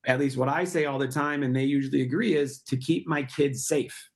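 A man's voice: medium pitch, fairly even intonation, fairly quick. A middle-aged man, a guest on a talk show, explaining his project in an earnest and persuasive way. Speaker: guest, park project founder. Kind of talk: interview answers.

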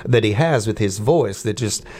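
A man hosting a morning radio show in a relaxed, chatty, rambling way from a studio. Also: lowish voice, normal speed. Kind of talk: casual radio chat.

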